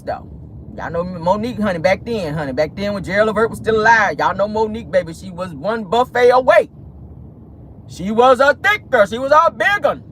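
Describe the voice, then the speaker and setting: A host giving casual, sassy celebrity gossip commentary to viewers, full of exclamations and dramatic swings in pitch. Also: a little hiss or hum. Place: in a car.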